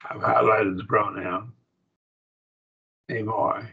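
Gravelly, husky Oklahoman man teaching. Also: fairly low pitch, fairly even intonation, slow pace, phone-quality sound. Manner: conversational, quizzing students. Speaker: Bible class teacher. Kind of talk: teaching a college-level Bible class.

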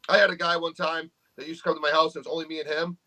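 A man with a New England accent co-hosting a podcast, speaking bluntly and swearing freely in casual chat. His voice sits fairly high and sounds bright and forceful. He jokes around between points. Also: flat delivery, rapid-fire, low-quality recording. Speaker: podcast co-host. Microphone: studio microphone.

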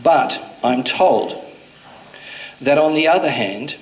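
A man's voice: on the high side, slow, poor audio. Man telling a client story. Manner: lively storyteller who acts out dialogue. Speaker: hypnotherapist. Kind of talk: talk recounting a client session. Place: event venue before an audience.

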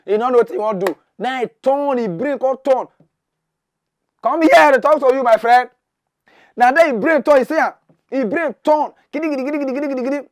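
A man speaking Nigerian Pidgin as a mock news host, delivering excitable, mocking comic commentary that swings between shouting and muttering. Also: extremely high pitch, fairly quick, dry recording.

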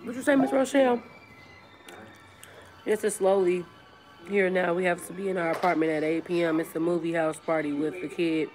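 A chatty woman from Wisconsin is streaming from her home on a camera mic. Her voice sits a little low. She reads comments aloud and talks between bites of food, with faint music behind her. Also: fairly even intonation, normal speed. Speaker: vlogger. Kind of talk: casual live-stream chat while eating. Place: at home, indoors.

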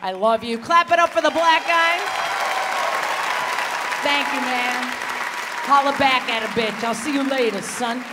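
Brash female insult comic on a theater stage mic, long hall echo and a loud live crowd behind her. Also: sits high, measured pace, long pauses, heavy background noise. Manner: brash, crude, teasing the crowd, often shouting. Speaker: stand-up comedian. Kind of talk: live insult comedy set. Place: stage in a large theater before a live audience.

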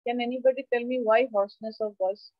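A woman lectures an online anatomy class through her computer mic on a video call, explaining step by step and often asking her students questions to check in. She talks fast in a slightly high, fairly even voice, and the audio is dull with no echo.

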